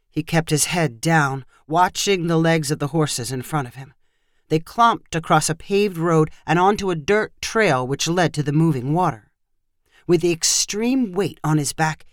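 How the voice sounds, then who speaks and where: A narrator reading a short story in a steady, measured voice. The pitch sits in a middle register. The recording is dry and close, with no room sound. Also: no room sound.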